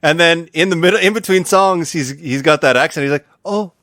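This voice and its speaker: A man's voice: fairly high pitch, brisk, fairly bright tone, no room sound, studio quality. A man co-hosting a podcast, telling stories with enthusiasm and some swearing. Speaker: podcast co-host. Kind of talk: casual chat.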